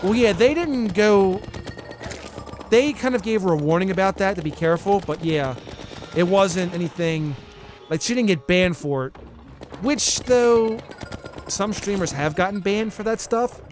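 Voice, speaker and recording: A man's voice: high-pitched, unhurried, slight background noise. A man streaming a game live, chatting casually and answering his chat as he plays. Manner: chatty, reads and answers chat, frequent restarts.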